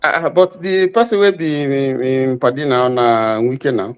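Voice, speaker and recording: A man's voice: mid-range voice, measured pace, clean tone. Man, Nigerian accent, livestream guest, Pidgin-English mix, conversational. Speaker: guest caller. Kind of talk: casual discussion on a livestream.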